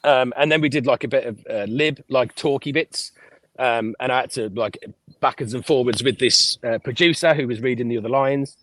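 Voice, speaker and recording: A man, a podcast guest telling lively stories about his life and swearing freely. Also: medium pitch, normal speed, dry recording. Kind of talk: casual storytelling interview.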